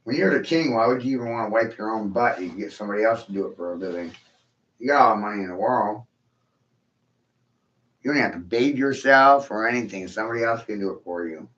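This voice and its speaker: A man's voice: on the low side, fast, a bit bright. A man in his forties delivering a crude, profane, rambling monologue in a mocking tone. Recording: echoey room, dull lo-fi sound.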